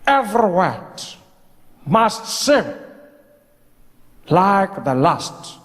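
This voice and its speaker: A man doing a slow, weighty aged statesman. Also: high-pitched, sing-song, in a large hall, full character voice. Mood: slow-lecturing. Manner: slow, weighty, measured delivery. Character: aged male statesman, calm and wise.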